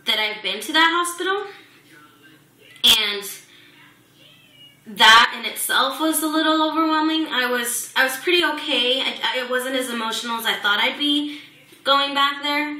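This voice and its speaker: A young woman vlogger with a high, sharp voice tells the emotional story of a hospital visit during her pregnancy as a personal update. Her retelling is full of fillers and restarts, recorded in an echoey room.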